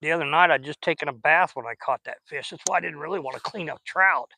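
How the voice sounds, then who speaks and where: Folksy Southern man, bright voice. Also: a little high, quick pace, vocal fry, a little hiss or hum, poor audio. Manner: folksy, rambling, chatty. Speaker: fishing vlogger. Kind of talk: casual chat while fishing. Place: outdoors on a river.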